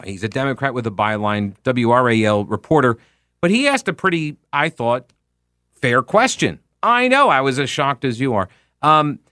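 A man hosting a political talk radio show, talking in an animated, sardonic and emphatic way into a studio microphone. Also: fairly high pitch, no echo. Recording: dry studio sound.

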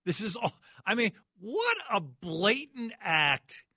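Sports talk radio guy, highish voice, bouncy, ranting and mocking. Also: very animated, slow, pushed and bright, slightly rough, dry recording, studio quality. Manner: mocking, incredulous rants. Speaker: radio talk show host.

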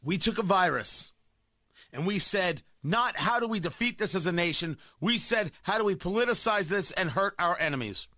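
A man's voice: high-pitched, expressive, normal speed, bright, forceful tone, no echo, clean studio sound. A man hosting political commentary, sarcastic and heated, mocking his targets as he rants.

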